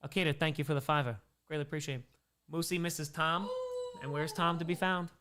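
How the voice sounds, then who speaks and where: A man's voice: on the high side, steady tone, fast, fairly bright tone, slight background noise. A man hosting a charity livestream, reading out donations and bantering with chat, sometimes in character as a made-up persona.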